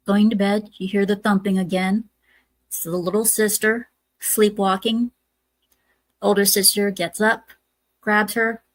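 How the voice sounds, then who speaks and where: A woman's voice: mid-range voice, dry recording. A woman hosting a casual movie review podcast, retelling scenes step by step with lots of "uh"s. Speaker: podcast host.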